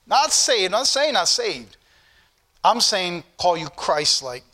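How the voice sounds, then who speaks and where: A man's voice: sits high, big pitch swings, slow, pushed and bright. A man preaching a Sunday school sermon, earnest and rising to fervent questions, with old-fashioned scripture phrasing.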